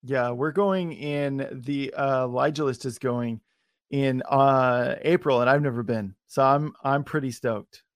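A man's voice: mid-range voice, measured pace, no room sound, clean studio sound. A man hosting an interview show, chatting casually and enthusiastically.

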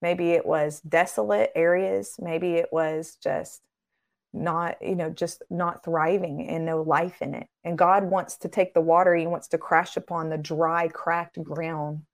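A woman's voice: fairly low pitch, steady tone, unhurried. A woman guest on a faith podcast, speaking in an earnest, preacherly way and building her points through repeated phrases. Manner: acts out quoted voices in a raised tone. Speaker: podcast guest, ministry founder.

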